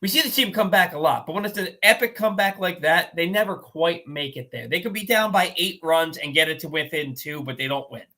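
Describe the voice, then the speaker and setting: A male sports talk host with a bright, forceful voice set a little high, recounting a game with animated, exasperated energy. He talks casually and restarts his sentences as the story runs on. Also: brisk, hardly any pauses.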